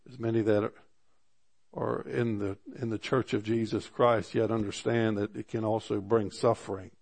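A man preaching a sermon, animated and rising in pitch for emphasis, often restarting his phrases. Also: normal speed, creaky. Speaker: pastor.

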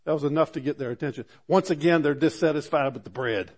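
A man's voice: a little high, a little fast. A middle-aged man preaching a sermon, reading scripture aloud, asking the congregation questions, and often stammering and restarting.

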